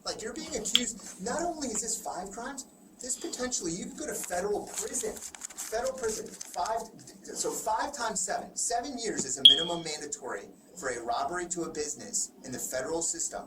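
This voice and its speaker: A man's voice: high-pitched, animated, brisk. A man working as a police detective, bluntly lecturing and pressing a suspect in an interrogation. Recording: echoey, distant, noisy room recording.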